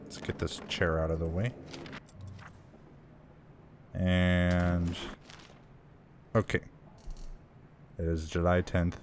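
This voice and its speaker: Low-voiced man joking through a horror game. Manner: casual, joking, reads game notes aloud. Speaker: let's play gamer. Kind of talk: gameplay commentary.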